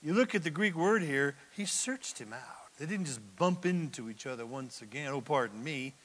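A man preaching a sermon as pastor, swinging dramatically from hushed, almost whispered asides to loud, emphatic declarations. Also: fairly high pitch, animated, moderate pace. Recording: long reverb of a large hall.

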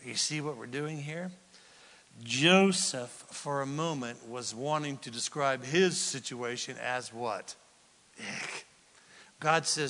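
A male pastor preaching a sermon, swinging from loud outbursts to near whispers. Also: medium pitch, slow. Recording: long hall reverb.

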